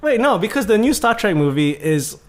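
A man with a high, lively voice that swings up and down a lot. He chats casually about films on a podcast, animated, laughing often, tripping over repeated words when excited. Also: fairly quick, slight background noise. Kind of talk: casual chat.

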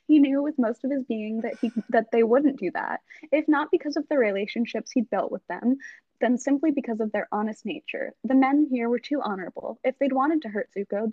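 A young woman co-hosting a casual book-club podcast, teasing her friends and reading passages aloud briskly. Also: a little high, no echo, narrow, tinny audio. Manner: playful, reads quoted passages aloud briskly. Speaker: podcast co-host.

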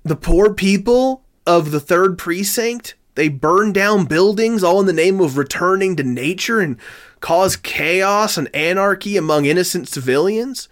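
A man narrating as game master of a tabletop role-playing game and voicing its characters, quick and conversational. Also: high-pitched, lively intonation. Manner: quick, conversational, with restarts and laughs.

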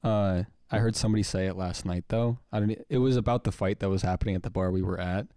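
A man's voice: sits low, fairly even intonation, fast talker, dark tone, smooth, no echo, clean studio sound. A young man from the American Midwest co-hosting a podcast, rambling through a story with restarts and swearing. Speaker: podcast co-host. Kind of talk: casual chat.

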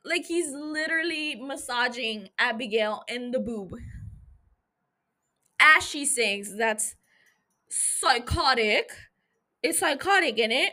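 A young woman with a high, bright voice talks into a podcast mic. Her recap is loose and chatty, full of swearing and jokes that she takes back right away. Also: animated, takes it slowly. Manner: chatty, profane, jokey, self-interrupting. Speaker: podcast host. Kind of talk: casual episode recap chat.

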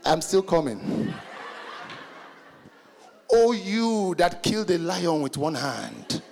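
A man's voice: high-pitched, big pitch swings, slow pace, gravelly, a little mellow, long reverb tail, pitched below the performer's own voice, heavily acted. A man playing his own son, who pleads in mock-archaic, flowery language. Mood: mock-grovelling. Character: grovelling grown son, absurdly formal.

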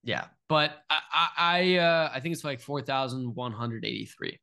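Bright-voiced nervous young man. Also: mid-range voice, normal speed, creaky. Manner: nervous, stammering, repeats himself. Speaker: podcast co-host. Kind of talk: casual sports chat.

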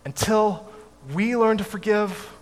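A man's voice: high-pitched, slow pace, pitched above the performer's own voice. A man quoting a sweet southern grandmother. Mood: weary, earnest. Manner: soft, sweet southern drawl. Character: gentle elderly southern grandmother. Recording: echoey hall, faint background noise.

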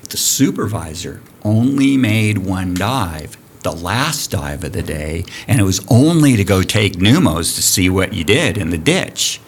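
Male diving instructor, low-pitched, lively storyteller, salty language. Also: unhurried, few pauses, a little hiss or hum. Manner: animated, profane, laughs through his stories. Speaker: diving program director. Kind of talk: storytelling in a podcast interview. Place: recorded on location at a college.

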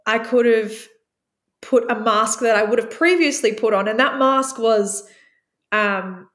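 A woman's voice: a little high, unhurried. A woman with a raised, light voice shares a candid personal story as a podcast guest. She is reflective and unguarded and bounces up when she quotes herself. The room rings around her. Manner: reflective, acts out her own past lines in a bright voice. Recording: echoey room.

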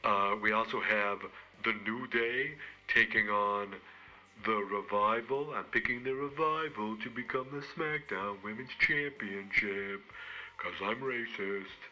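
Rambling, halting man with a sharp voice. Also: lowish voice, dull audio. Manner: rambling, halting, self-mocking. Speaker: podcast co-host giving wrestling picks. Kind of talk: comedic rambling monologue.

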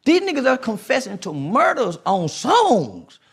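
High, gravelly man ranting hard. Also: wildly swooping pitch, a little slow. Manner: preachy, confrontational, repeats rhetorical questions; mocking impressions in a raised voice. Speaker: guest. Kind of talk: heated podcast interview.

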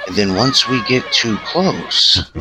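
A man hosting a campfire chat, telling a folksy story slowly with dramatic pauses. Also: mid-range voice, animated, very noisy. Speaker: host.

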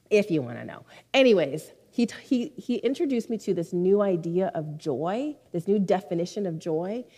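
A woman's voice: mid-range voice, mellow. A woman preaching a sermon to her church in a conversational, heartfelt way, with frequent asides. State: near tears for a moment. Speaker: pastor.

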